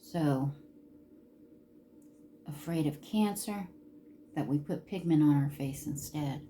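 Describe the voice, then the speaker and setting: A woman's voice: deep voice, slow, mellow, a little hiss or hum. A woman in her fifties chatting casually while doing her makeup, rambling through stories and chuckling often. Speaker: beauty vlogger.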